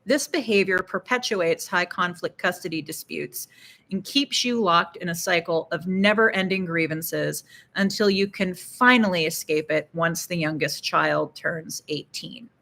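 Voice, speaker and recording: A woman's voice: lowish voice, measured pace, vocal fry, pushed and bright. A middle-aged woman, a psychologist hosting an educational talk, explaining with dry, sardonic asides. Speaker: psychologist and channel host.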